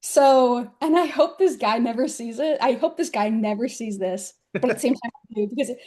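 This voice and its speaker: A woman's voice: fairly high pitch, normal speed, darkish tone. A young woman from the United States, a professional wrestler, chatting in an interview and telling stories with frequent giggles. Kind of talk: casual interview chat.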